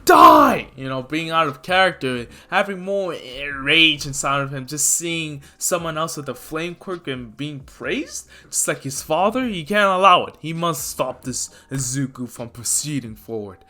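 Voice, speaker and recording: A man's voice: on the high side, animated, moderate pace, few pauses, pushed and bright. A man casually narrating a fan-made story, rambling with fillers and correcting himself as he goes.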